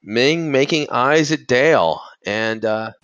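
A man hosting a casual movie podcast, rambling and halting, with many fillers and restarts. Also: mid-range voice, a bit bright, no room sound, highs cut off. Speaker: podcast host.

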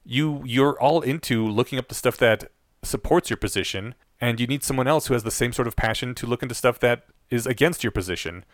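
A man co-hosting a podcast in casual discussion, explaining his points plainly and in a measured way. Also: mid-range voice, no echo, clean studio sound. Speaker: podcast co-host.

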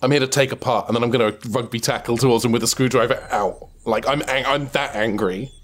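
A man playing in a tabletop game, describing his character's actions in an animated, playful way. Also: medium pitch, fast talker. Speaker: player.

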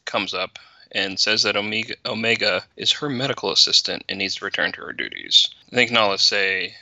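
A man's voice: lowish voice, expressive, fairly quick, vocal fry, pushed and bright, no room sound, muffled recording. A man co-hosting a casual podcast chat, wry and orderly as he recaps the plot. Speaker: podcast co-host.

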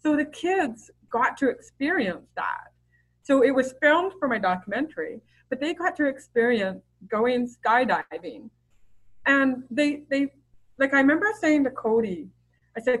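A woman's voice: a little high, animated, moderate pace, a bit bright, poor audio. Chatty woman telling stories openly. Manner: open, chatty storyteller with many fillers and restarts. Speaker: podcast guest. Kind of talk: casual interview conversation.

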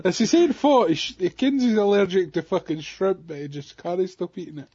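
A man's voice: sits high, very animated, a little fast, dark tone, slightly rough. A man chatting casually about a film, giving terse, dry, sweary replies. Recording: muffled lo-fi recording.

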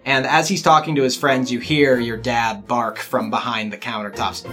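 A man running a tabletop role-playing game, narrating scenes in a relaxed, unhurried way with fillers. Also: mid-range voice, soft background music. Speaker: game master.

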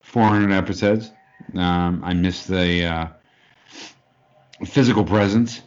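A middle-aged man co-hosting a podcast, easygoing and quick to laugh. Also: deep voice, lo-fi sound. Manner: laid-back, laughs often. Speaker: podcast co-host. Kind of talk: casual chat.

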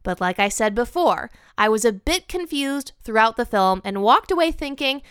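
Woman doing a solo review podcast, says what she thinks, kinda high pitched, clean dry mic. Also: lively intonation, moderate pace, fairly bright tone, smooth, no echo. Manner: opinionated, candid, with light laughs. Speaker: podcast host. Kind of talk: film review monologue.

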